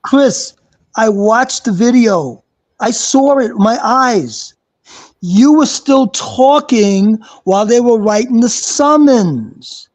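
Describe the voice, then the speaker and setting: A former police officer now hosting a live chat, firmly setting his guest straight. His mellow, dark voice rises and falls a lot as he makes his case. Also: very high-pitched, lively intonation, takes it slowly. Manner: firm, correcting.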